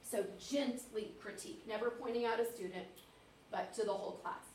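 A woman's voice: a little high, fairly even intonation, moderate pace, a little mellow, slight background noise. A woman teacher giving chatty, practical tips on teaching reading. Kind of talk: teacher-training talk. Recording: echoey room.

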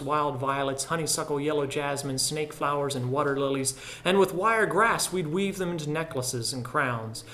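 A man narrating a literary story in a measured, reflective way. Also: fairly high pitch. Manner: measured and reflective, dropping softer at solemn lines. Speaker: audiobook narrator.

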